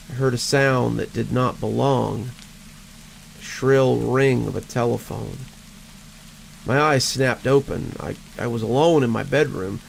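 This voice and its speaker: A male horror storyteller with a gravelly, mid-pitched voice. He reads in a measured way and stumbles over words at tense moments. Faint rain patters behind him. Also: a little hiss or hum, poor audio. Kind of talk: scripted horror narration.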